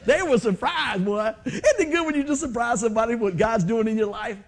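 Animated preacher, high-pitched man. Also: fast. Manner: animated, acts out quoted voices, laughs often. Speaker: pastor. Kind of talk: storytelling sermon.

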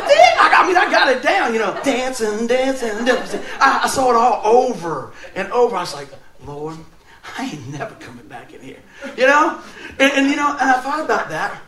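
With a roomy sound around his high voice, a man preaches as a pastor and recounts a humorous personal anecdote. He laughs frequently and animatedly as the story unfolds.

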